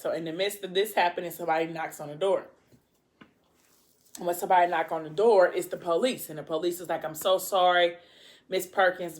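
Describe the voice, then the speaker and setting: A woman vlogger casually retelling a story while eating, acting out the characters' lines with lots of "like" and "you know". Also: on the low side. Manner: retells a story with quoted voices, many fillers.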